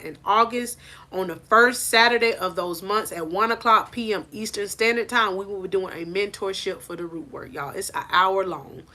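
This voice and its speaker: Woman, bright sharp voice, animated motivational faith talk, phone live stream. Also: fairly low pitch. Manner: preachy and animated, laughs and rises to near shouting. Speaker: life coach.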